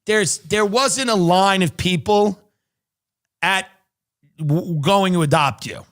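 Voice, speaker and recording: A man's voice: high voice, slow pace, a bit bright. A man hosting a comedy podcast, reading news aloud and breaking off for sarcastic jokes. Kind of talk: casual comedic commentary.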